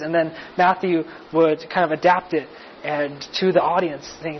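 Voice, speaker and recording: A man's voice: on the high side, steady tone, moderate pace, slight background noise. A man preaching a sermon as pastor, explaining a passage in a conversational way with restarts and light asides. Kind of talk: sermon teaching. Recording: muffled lo-fi recording.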